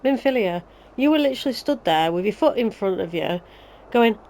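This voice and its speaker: A Yorkshire woman hosts a let's play, giving casual game commentary in a medium-pitched, animated voice that is fairly quick and a little mellow. She chats sarcastically and rants about the story.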